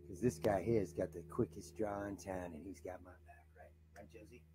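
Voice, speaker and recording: A man improvising comedy as a rough, swaggering bar musician, trading profane threats and banter with a crowd. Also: low voice, fairly even intonation, a little fast, noisy background. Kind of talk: improvised character comedy monologue.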